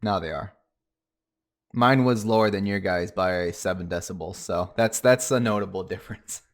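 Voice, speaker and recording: A man's voice: low voice, normal speed. A man hosting a casual livestream chat with friends, joking around and often trailing off into mumbles. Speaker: stream host.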